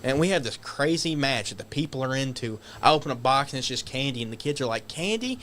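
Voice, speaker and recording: A man guest on a podcast, telling stories casually, animated and swearing, acting out shouted quotes. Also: medium pitch, quick pace, a little hiss or hum. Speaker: guest wrestler. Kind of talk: casual storytelling.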